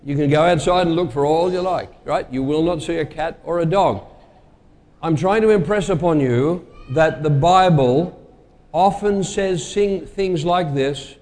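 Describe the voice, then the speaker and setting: Man, preacher, sermon, slightly higher voice, chatty, quizzes the congregation, long hall reverb. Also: a little slow, a little mellow. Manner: conversational, quizzing the congregation with idioms.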